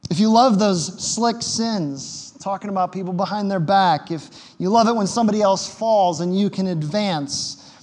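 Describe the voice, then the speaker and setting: A man's voice: sits high, normal speed, darkish tone. A man preaching a sermon as pastor, conversational and emphatic, with wry quips. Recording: long hall reverb.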